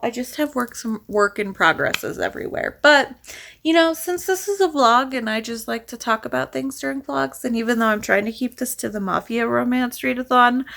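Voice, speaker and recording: Excitable rambling woman vlogger. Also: a little high, vocal fry. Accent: Southern US. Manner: rambling and excitable, lots of restarts. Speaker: reading vlogger. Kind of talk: casual chat to camera.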